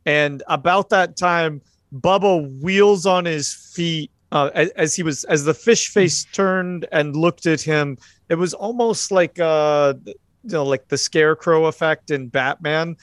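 A man narrates a tabletop horror session as its keeper. His voice sits a little high and sounds dry and close. He rambles through the scene with plenty of fillers. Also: unhurried, a bit bright, dry recording. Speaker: game master.

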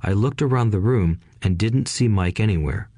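A man with a lowish voice reading an audiobook in a steady, even way. The recording is dry and close, with no room sound. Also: normal speed, no room sound. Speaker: audiobook narrator. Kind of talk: scripted audiobook narration.

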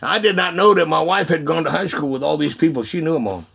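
Gravelly man telling an animated story. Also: on the high side, quick pace. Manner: lively, laughing, repeats words. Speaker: guest telling a testimony.

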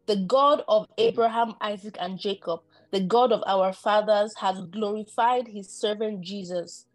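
A woman reads scripture aloud in a steady, deferential way during a church service. Her voice sounds dry and close, with faint music in the background. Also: medium pitch, unhurried, no room sound. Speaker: scripture reader.

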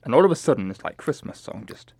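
A man's voice: mid-range voice, big pitch swings, fast, vocal fry, darkish tone, husky, no echo, studio quality. A man in casual chat, easygoingly recapping a film with a co-host. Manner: easygoing, lots of agreeing yeahs.

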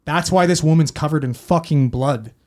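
A man's voice: fairly high pitch, moderate pace, very noisy. A man, a paramedic telling a story in casual talk, rambling and swearing a lot. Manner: heavy swearing, rambling with fillers.

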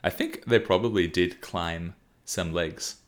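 A man's voice: deep voice, measured pace. A young man co-hosting a podcast, chatting casually and rambling with lots of laughter and fillers. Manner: rambling, giggly, with many fillers. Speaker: podcast co-host. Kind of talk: casual chat.

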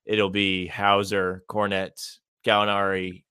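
A man's voice: fairly low pitch, monotone, slow pace, sharp tone, smooth, no echo, clean studio sound. A man co-hosting a casual basketball podcast, talking in a loose, rambling, wry way. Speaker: sports writer and podcast co-host.

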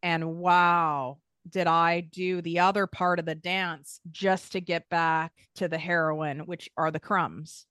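A woman's voice: on the low side, little pitch movement, slow pace, hardly any pauses, a bit bright, clean tone, no echo, studio quality. A woman guest talking candidly about her own past, frank and emphatic, swearing casually. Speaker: podcast guest. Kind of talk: candid personal conversation.

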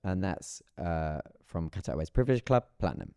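A man from London co-hosting a casual chat, talking in a relaxed, measured way. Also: low-pitched, vocal fry, clear, resonant tone, no room sound, studio quality. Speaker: podcast co-host. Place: room in Doha, recorded together in person.

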